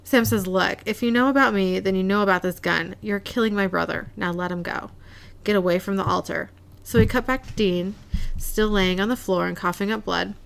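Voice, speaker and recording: A woman's voice: mid-range voice, steady tone, brisk, creaky, clean tone. A woman casually recapping a TV episode, narrating scenes and quoting characters' lines, often laughing. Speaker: podcast co-host recapping an episode. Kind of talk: casual chat, reading scenes aloud.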